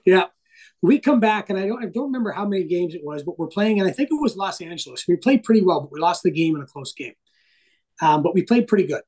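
A middle-aged man, a hockey broadcaster and interview guest, telling stories in a casual, animated way and swearing freely. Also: sits high, quick pace, slightly rough, rough recording.

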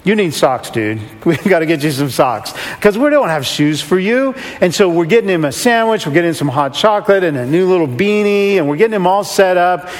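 Guy joking at his own expense while telling a story to an audience, voice a bit high, big echoey hall. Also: expressive, fairly quick, hardly any pauses. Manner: humorous, self-mocking storytelling. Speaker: rescue mission president. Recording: long hall reverb.

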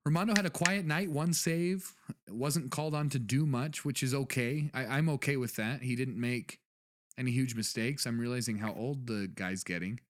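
A man's voice: medium pitch, normal speed. A man hosts a soccer podcast with a medium voice. His casual chat rambles from point to point. He jokes and laughs a lot. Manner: joking, laughs often, rambling. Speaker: podcast host.

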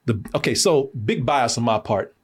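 A man's voice: medium pitch, expressive, normal speed, husky. An American man hosting a film review podcast in casual chat. He talks animatedly, laughs often, swears and uses lots of fillers.

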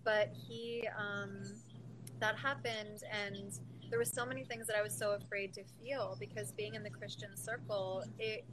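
A woman's voice: mid-range voice, fairly even intonation, unhurried, noisy background. A woman hosting an interview, asking earnest, reflective questions in a conversational way. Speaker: podcast host.

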